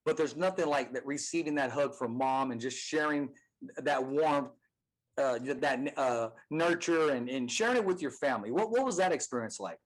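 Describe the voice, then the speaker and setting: A man hosts a podcast and asks his questions in an encouraging way, often pausing and restarting as he shapes them. His voice sits at an ordinary middle pitch for a man. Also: expressive, poor audio. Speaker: podcast host. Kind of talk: interview questions.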